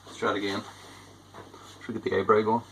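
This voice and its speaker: A man's voice: lowish voice, level tone, fairly quick, very noisy. A man chatting casually through a home-brewing vlog, rambling and poking fun at himself. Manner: chatty, rambling, self-deprecating. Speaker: homebrewer.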